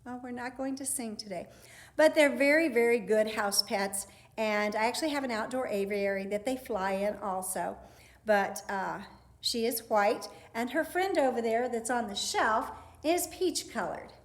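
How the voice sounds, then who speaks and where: A middle-aged woman, a park district program specialist, giving a gentle, chatty educational talk for children and talking softly to her pet doves. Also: on the high side, normal speed. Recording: echoey room.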